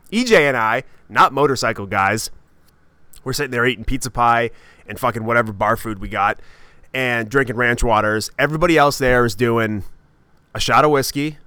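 A podcast host spins a comic story in an animated, swearing, self-mocking way. His voice is bright and smooth. The recording is close and dry, with no room sound. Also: medium pitch, no room sound. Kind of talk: comedic storytelling monologue.

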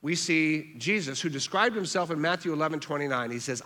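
A man preaching a sermon with a bright, ringing tone that sits a little high for a man. He is earnest and repeats phrases for emphasis, often dropping soft on key words. His voice carries the long reverb of a large hall. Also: lively intonation, brisk, hardly any pauses. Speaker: pastor.

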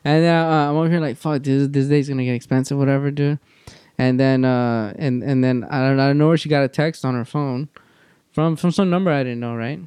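A young man telling a story in casual chat, animated, swearing freely and acting out what people said. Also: mid-range voice, a little fast, clear, resonant tone, dry recording. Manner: animated, swears a lot, says bro and dude, acts out quotes.

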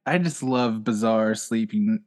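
A man's voice: on the low side, measured pace. A man co-hosting a comedy podcast, chatting casually and laughing often as he talks. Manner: giggly, laughs often while talking. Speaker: podcast co-host.

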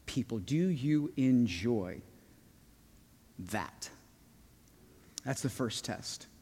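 A man preaching a sermon slowly and emphatically, often asking the congregation questions. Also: mid-range voice. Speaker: pastor. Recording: long hall reverb.

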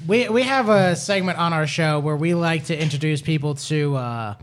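Male co-host, high voice, quick reactive banter. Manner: chiming in with short reactions and laughs. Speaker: podcast co-host. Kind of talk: casual podcast chat.

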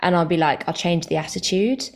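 A woman stand-up comedian chatting as an interview guest, talkative and quick to correct herself, with lots of fillers. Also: on the low side. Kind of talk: casual interview chat.

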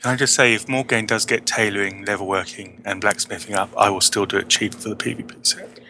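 Cohost with a bright sharp voice teasing everyone, bit of hiss. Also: sits low, fairly even intonation, quick pace. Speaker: podcast co-host. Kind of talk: casual chat.

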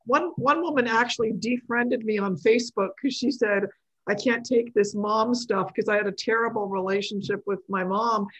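A woman from Canada hosts a casual chat about faith, with a fairly high voice. She asks questions and laughs easily. Her talk is relaxed and conversational. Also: normal speed, breathy edge, lo-fi sound. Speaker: podcast host.

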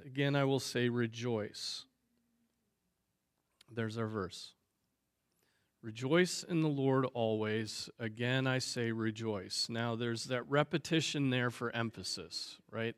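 A man explaining a Bible verse in an unhurried, deliberate way, pausing often with small fillers as he thinks. His voice sits in an ordinary middle pitch and sounds close and dry, with no room around it. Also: fairly bright tone, no room sound. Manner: slow, measured, thinking aloud with fillers. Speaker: Bible teacher. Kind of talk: teaching discussion on Scripture.

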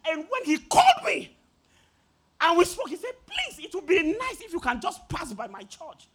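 Lively high-voiced preacher. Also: male voice. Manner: animated, laughing, shouts at peaks. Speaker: pastor. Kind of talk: storytelling sermon.

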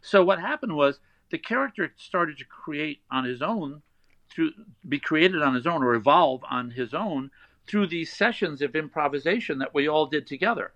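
An older man, a voice actor guest, telling animated anecdotes in a casual interview and slipping into playful voices. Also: a little high, normal speed, no room sound. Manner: animated storyteller who slips into playful voices. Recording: dry, dull lo-fi sound.

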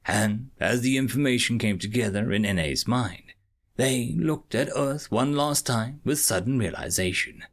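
A man reading a science fiction story aloud with expressive, measured narration. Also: medium pitch.

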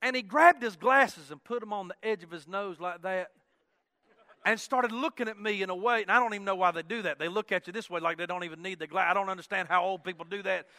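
A man preaching a sermon in a folksy, animated storytelling manner. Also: sits high, fast, no room sound.

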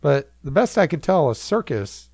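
Rambling, gravelly male host, animated storyteller, dry close mic. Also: fairly high pitch, moderate pace, no room sound. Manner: rambling, self-amused, many fillers. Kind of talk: casual storytelling.

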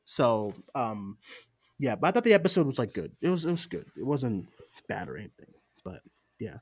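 A man co-hosting a casual podcast at a mid pitch, rambling and filler-heavy with quick laughs. His voice sounds close and dry, with no room behind it. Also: big pitch swings, a little mellow, slightly rough, no room sound. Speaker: podcast co-host. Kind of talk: casual chat review.

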